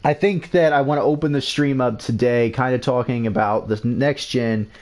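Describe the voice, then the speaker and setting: A man's voice: medium pitch, moderate pace, darkish tone, slight background noise. A man hosting a casual livestream, talking loosely and often repeating words and restarting sentences. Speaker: streamer host.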